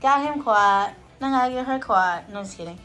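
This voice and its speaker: A woman's voice: on the high side, animated, brisk, a bit bright, faint music behind. A young woman, a mother, chatting casually to her viewers while doing housework and minding her small children. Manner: talks to her babies and toddler while doing chores. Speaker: vlogger and mother. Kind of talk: casual home vlog chat.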